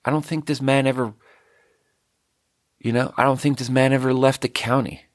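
Man, mid-pitched, rambling solo podcast host, dead-dry room. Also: fairly even intonation, normal speed, dry recording. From Sweden. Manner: casual, meandering, lots of "like".

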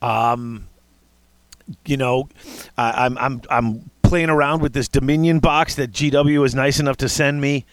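A man's voice: medium pitch, steady tone, a little slow, dry recording. A man hosting a casual hobby chat, rambling with restarts and fillers. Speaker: podcast host.

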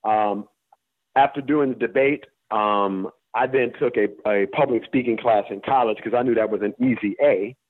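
A man from the US Deep South, an actor being interviewed, talking candidly and emphatically, swearing and laughing as he makes his points. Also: normal speed, no room sound. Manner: emphatic, profane, laughs while making points. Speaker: actor guest. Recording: tinny phone-line sound.

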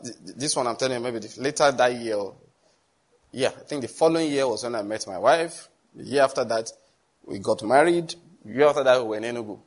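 A middle-aged man, a pastor giving an earnest sermon-style testimony with chuckles and repeated phrases. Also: medium pitch. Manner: storytelling, earnest, with chuckles and repetitions. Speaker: pastor teaching on prayer.

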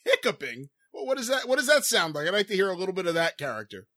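Radio host guy, really high lively voice, husky, laughs a lot. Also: fast talker, dry recording, studio quality. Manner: laughing interjections, playing straight man. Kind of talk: casual radio chat.

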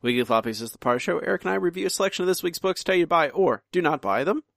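A man's voice: a little high, animated, very fast, vocal fry, over loud music. A man hosting a podcast, chatty and teasing, talking casually. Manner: teasing, chatty, stumbles and restarts. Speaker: podcast host. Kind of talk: casual chat.

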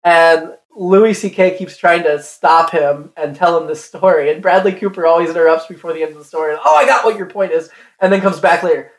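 A podcast co-host lays out movie plots step by step, steady and chatty. The voice sits in a roomy, echoing space. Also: medium pitch, fairly quick, few pauses. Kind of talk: casual movie chat. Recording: roomy echo.

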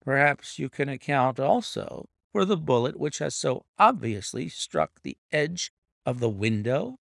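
A sharp, composed detective, voiced by a man reading aloud, laying out his reasoning in a measured, authoritative voice with lively pitch and a gravelly edge. Dry, close recording. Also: dry recording. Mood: assured. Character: sharp, composed male detective, middle-aged.

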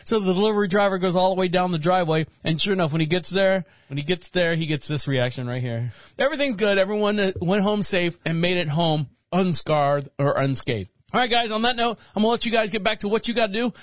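High-voiced chatty male podcast host. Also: animated, quick pace, hardly any pauses, dry recording. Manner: rambling, self-correcting, chatty. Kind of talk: casual podcast monologue.

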